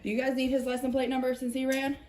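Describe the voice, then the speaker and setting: A woman's voice: high-pitched, monotone, fast, darkish tone, reverberant, a little hiss or hum. A woman talking in a blunt, urgent way in casual conversation.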